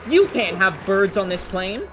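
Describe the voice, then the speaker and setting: A man's voice: high-pitched, big pitch swings, unhurried, music in the background. A man voicing a cigar-smoking airline pilot in a joke, greeting passengers and scolding. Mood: stern. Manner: breezy greetings turning stern.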